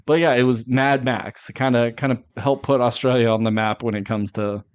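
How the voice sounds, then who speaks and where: A man co-hosting a podcast, talking quickly and agreeably about films, often chiming in with short replies. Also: mid-range voice, fairly even intonation, clear, resonant tone. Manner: quick, chatty, agreeable with frequent backchannels. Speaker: podcast co-host. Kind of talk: casual film discussion.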